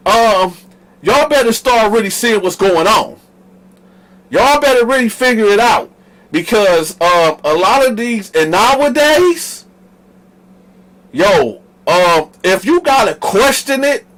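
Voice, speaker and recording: A man from the northern United States, the host, telling a story in a casual, animated, slangy way straight to his viewers. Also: sits high, low-quality recording.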